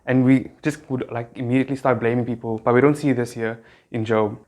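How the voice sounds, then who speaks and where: Looking straight into the camera, a youth group speaker from South Africa, a young man, explains the story like he's chatting with friends. He talks a bit fast at a middle pitch, laid-back and loose, sprinkling in slang and plenty of fillers.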